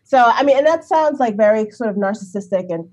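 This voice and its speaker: A woman speaking as an interview guest, talking in an animated way and laughing often. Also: fairly quick. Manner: animated, acts out quoted people with big pitch jumps, laughs often. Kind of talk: conversational interview.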